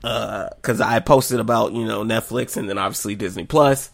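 A young man co-hosting a podcast in casual chat, animated and profane, laughing often. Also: fairly low pitch, moderate pace, gravelly, no echo. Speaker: podcast co-host.

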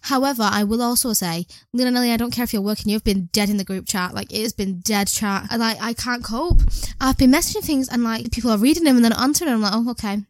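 A woman's voice: on the high side, fast, no room sound. Rambling, sweary young British woman podcaster. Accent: British English. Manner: chatty and rambling, jumping between topics, swearing freely. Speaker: podcast host. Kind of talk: solo podcast rant.

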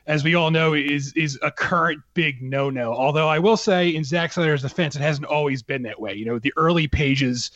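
A man's voice: a little high, moderate pace, few pauses, a bit bright, dry recording, muffled recording. A man talking casually on a podcast as a writer, chatty, with many fillers and laughs.

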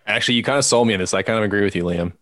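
Man, low-ish voice, quick rambling delivery, podcast co-host, dry close mic. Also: fairly bright tone, no echo. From Los Angeles area. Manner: rambling storyteller with many fillers and restarts. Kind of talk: casual chat.

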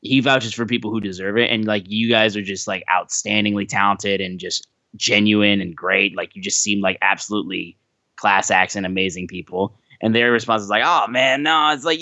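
A young man co-hosting a podcast, telling stories in a casual, animated way and acting out what others said. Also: lowish voice, normal speed, no room sound, muffled recording. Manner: animated, acts out quoted voices, swears casually. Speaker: podcast co-host.

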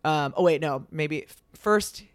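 A young man casually retelling a myth, full of fillers and quick acted-out quotes. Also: a little high, no echo. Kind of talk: casual storytelling chat.

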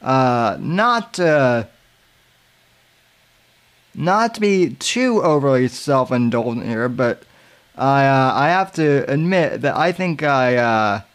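A man hosting a podcast, giving casual commentary in a halting way with many filler sounds and restarts. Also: medium pitch, lively intonation, clear, resonant tone. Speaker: podcast host.

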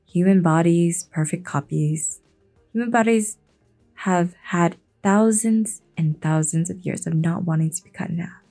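A woman reading the lines of a stern, snapping young woman in a storybook, in a low, mellow voice. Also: measured pace, faint music behind. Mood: curt. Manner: curt, snapping.

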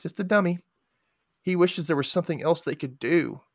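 A man hosting a podcast, recapping a movie plot in casual chat as an animated storyteller with sarcastic asides. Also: a little high, normal speed, no echo, studio quality. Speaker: podcast host.

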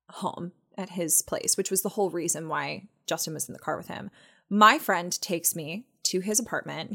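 A young woman co-hosting a chat podcast, telling a personal story in an animated way and acting out what people said. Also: lowish voice, vocal fry. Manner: animated, acts out quoted voices. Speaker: podcast co-host.

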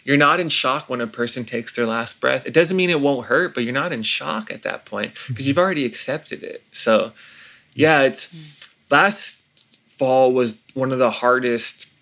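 Pastor guy being interviewed, earnest and thoughtful, kinda halting, restarts a lot. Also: medium pitch, gravelly, sharp tone. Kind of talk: reflective interview conversation.

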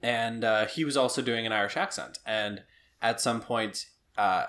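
Bright-voiced Midwestern man, chatty. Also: mid-range voice, moderate pace. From Midwest United States. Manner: chatty, self-deprecating storyteller. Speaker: podcast co-host. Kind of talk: casual chat.

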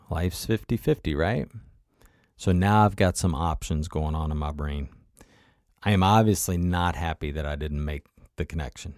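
A man tells a personal travel story in a conversational, motivational way, often turning to the listener with asides. His voice is low and a little mellow. The sound is clean studio audio with no room sound.

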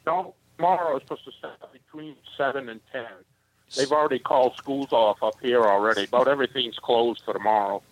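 A man's voice: mid-range voice, brisk, no room sound. A man calling in to a talk show, chatting plainly and easygoing. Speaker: caller. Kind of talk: phone-in chat. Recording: dull phone line.

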